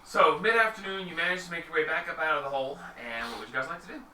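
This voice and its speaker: A man's voice: on the high side, rapid-fire, sharp tone, a little hiss or hum. A man narrating as game master, giving dry, matter-of-fact rulings, recorded in a roomy space from a distance.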